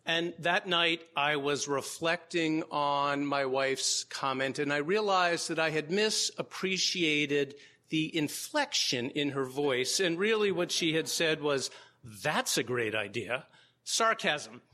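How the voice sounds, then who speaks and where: A man's voice: fairly high pitch, takes it slowly, pushed and bright. A man, a law professor, giving opening remarks to a live audience in a lecture room, with wry humorous asides. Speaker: law professor and conference co-organizer.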